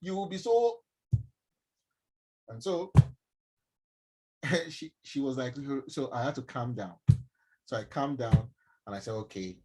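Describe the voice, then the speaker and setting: A man with a Nigerian accent gives an animated mentoring talk on a live stream and often asks his listeners questions. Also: mid-range voice, slow, long pauses, slightly rough, rough recording. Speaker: mentor speaking to young people.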